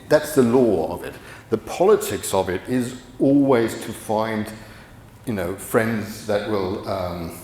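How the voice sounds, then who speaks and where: A man's voice: low-pitched, darkish tone, slight background noise. A middle-aged man giving a rambling conference lecture, full of restarts and fillers. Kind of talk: conference talk. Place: conference hall. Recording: echoey hall from afar.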